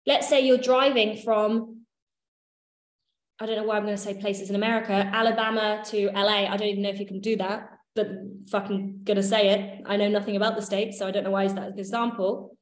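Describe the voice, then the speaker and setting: Her voice sits at medium pitch, level in tone and brisk. Running a workshop in an echoey space, she chats casually, swears offhandedly, and makes sure her audience follows along.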